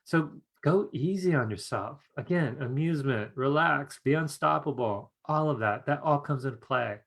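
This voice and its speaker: A man's voice: mid-range voice, moderate pace, vocal fry, a bit bright. A man teaching a live online class in a chatty way, often asking "right?" and laughing as he tells a story. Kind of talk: casual live-stream teaching with a told anecdote.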